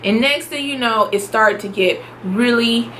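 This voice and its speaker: Young woman, high bright voice, animated casual vlog storytelling, faint hiss behind. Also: unhurried. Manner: animated, laughs often, acts out her own shouts. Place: home.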